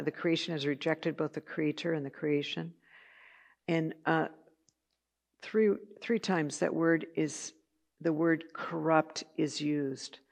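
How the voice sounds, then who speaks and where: A woman's voice: sits low, vocal fry. A woman teaching a Bible study lesson in a conversational way, with chatty asides and filler words.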